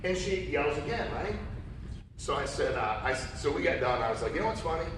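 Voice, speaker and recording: At a large conference hall, a man with a fairly high voice speaks fairly quickly through a storytelling keynote talk, vividly acting out what people in his anecdotes said. The sound comes from far off and echoes, and there's background noise.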